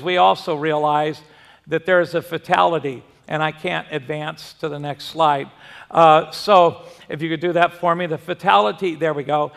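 A man's voice: fairly high pitch, vocal fry, fairly bright tone, big-room sound. A man preaching a sermon, telling a folksy story and asking the congregation questions. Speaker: pastor.

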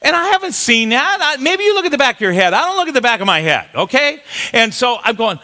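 A man's voice: very high-pitched, sing-song, quick pace, pushed and bright. A man in his late sixties preaching a sermon, telling a funny personal story with lots of stumbles and repeated words. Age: 60s. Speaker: pastor.

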